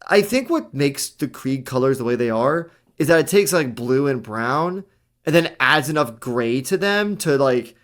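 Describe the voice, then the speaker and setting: A man's voice: medium pitch, very animated, unhurried, a bit bright. A young man co-hosting a casual hobby chat, talking eagerly with slangy asides. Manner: enthusiastic, chatty, slangy. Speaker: podcast co-host.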